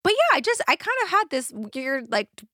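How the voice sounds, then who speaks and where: A young woman with a bright, clear voice co-hosts a casual podcast. Her pitch leaps up and down as she acts out quoted lines in an animated way. The sound is dry and close to the mic. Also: fairly quick, no room sound. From Southern California. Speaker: podcast co-host. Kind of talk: casual chat.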